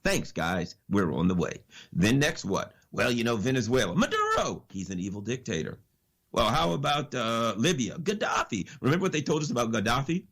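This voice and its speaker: A man with a husky, slightly raspy voice speaks as a guest on a radio show. His delivery is animated and preachy, with pitch that rises and falls widely. He throws out rhetorical questions and repeats his lines for emphasis. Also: moderate pace. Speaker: political analyst guest. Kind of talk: impassioned radio commentary.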